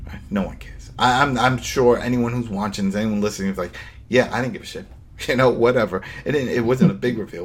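A man hosting a podcast, recapping a TV episode in casual, animated chat with quick asides. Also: low-pitched, husky. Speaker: podcast host.

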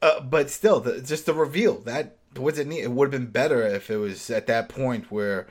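A man in casual conversation, talking through a TV episode with lots of energy. He keeps slipping into quick mimicked voices as he replays scenes, his voice sitting at an ordinary middle pitch. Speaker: podcast co-host. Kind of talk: casual TV recap chat.

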